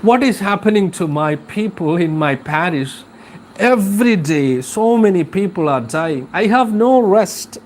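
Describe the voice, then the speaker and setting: An exhausted parish priest cries out his complaints in a raised, high-pitched voice, sounding worn down and pleading, as a male teacher acts him out. His lines come slowly and loudly. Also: expressive, a little hiss or hum. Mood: distressed lament.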